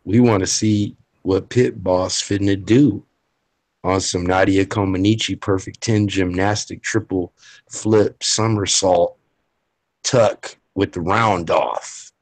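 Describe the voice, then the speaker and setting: A man's voice: deep voice, fairly even intonation, slow pace. A man calling into a stream, talking in a laid-back, playful, rambling way. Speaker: guest caller. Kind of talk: casual chat on a call. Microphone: home mic, too close at first.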